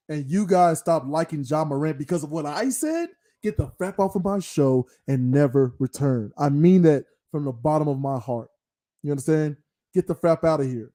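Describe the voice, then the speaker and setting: Man, high voice, dark mellow tone, mock-angry rant, sports banter. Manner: mock-scolding, swaps curses for a made-up word. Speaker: podcast co-host. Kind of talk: heated casual debate.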